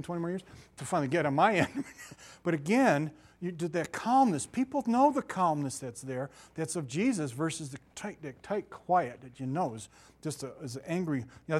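A middle-aged man preaching a sermon in a conversational, animated way, with asides and laughter. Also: fairly high pitch.

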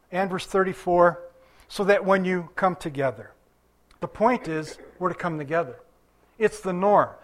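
High-voiced man preaching a sermon. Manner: conversational preaching with asides and chuckles. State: limping after surgery. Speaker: pastor.

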